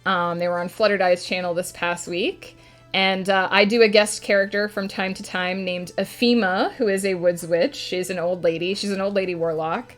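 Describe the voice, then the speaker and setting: A woman at her desk mic, chatting on a live writing stream at a middle pitch. She reads comments aloud and answers them with plenty of ums and uhs. Faint music plays softly behind her. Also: steady tone, moderate pace. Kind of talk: casual live-stream chat.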